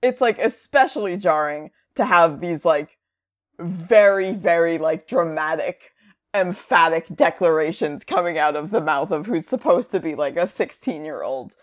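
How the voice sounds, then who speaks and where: A woman's voice: on the low side, normal speed. Rambling woman with a dull lo-fi sound. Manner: rambling, many fillers, animated quoting. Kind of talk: casual chat about comics.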